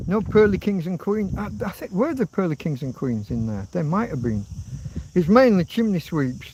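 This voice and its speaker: An English man in his fifties hosts a loose livestream chat, wandering from one memory to the next. He swears casually and hums old tunes. His voice sits a little high, with a faint hiss of noise underneath. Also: big pitch swings, moderate pace. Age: 50s. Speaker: livestream host.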